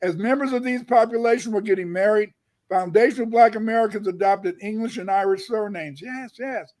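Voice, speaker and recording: Very high-voiced man lecturing emphatically. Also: fairly quick, darkish tone. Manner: booming emphatic bursts on key words, repeats himself; stutters and restarts. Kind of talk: emphatic lecture, reading old newspaper notices aloud.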